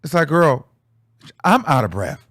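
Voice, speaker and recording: Young male commentator, a bit high-pitched, candid and chatty; dry close-mic sound. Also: sing-song, unhurried, fairly bright tone, no echo. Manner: candid, chatty, many fillers. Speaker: music commentator. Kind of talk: casual commentary.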